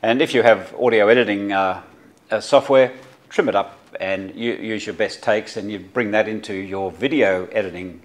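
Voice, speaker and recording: A middle-aged man with an Australian accent teaches a journalism class in an unscripted tutorial. His voice sits on the low side, and he talks haltingly, full of fillers and restarts as he explains practical steps. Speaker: journalism lecturer.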